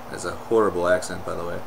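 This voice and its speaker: A man's voice: low-pitched, vocal fry, noisy background. Casual rambling livestream host, man. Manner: rambling, reads chat and greets viewers, laughs often. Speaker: livestream host taking song requests. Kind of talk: casual live-stream chat. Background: music playing.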